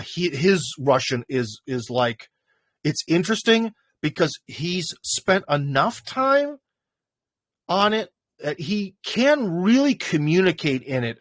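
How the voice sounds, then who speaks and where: A man's voice: a little high, no room sound, studio quality. A man hosting a livestream, chatting casually in a loose, rambling way full of fillers. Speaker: livestream host. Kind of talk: casual chat. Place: in front of a green screen.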